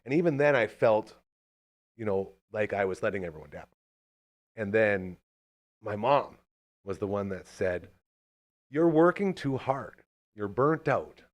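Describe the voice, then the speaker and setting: Male podcast host, thirties, lower-pitched, energetic and rambling, casual chat. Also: measured pace, pauses often. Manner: animated, fired-up, rambling.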